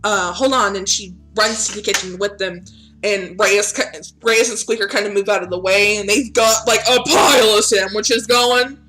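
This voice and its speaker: A woman's voice: mid-range voice, normal speed, fairly bright tone. A woman game master narrating a tabletop game in a casual, chatty way, full of fillers and swearing.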